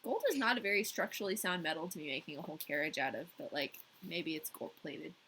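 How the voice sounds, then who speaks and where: A woman's voice: deep voice, quick pace, sharp tone, a little hiss or hum, poor audio. A woman co-hosting a podcast, reading a fairy tale aloud in a casual way with playful, joking asides. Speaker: podcast co-host and story reader.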